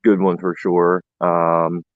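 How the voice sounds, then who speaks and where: Low-voiced man on a dull call line. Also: slow, no echo. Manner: relaxed, laughs easily. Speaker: stream guest. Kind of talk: casual chat.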